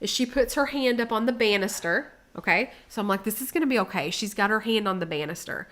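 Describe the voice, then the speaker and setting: A woman co-hosting a casual chat, telling a story with lively acted-out quotes that rise in volume. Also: medium pitch, a little fast. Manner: animated, acts out quotes with rising volume. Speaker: co-host.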